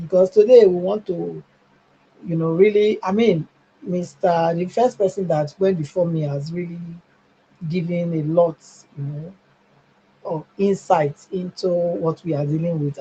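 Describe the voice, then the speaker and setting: A woman's voice: lowish voice, dull audio, a little hiss or hum. A middle-aged Nigerian woman speaking as a panelist on a live stream, emphatic and growing heated, with bursts of laughter. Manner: emphatic, rising to near-shouting, with laughs. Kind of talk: impassioned call-in commentary.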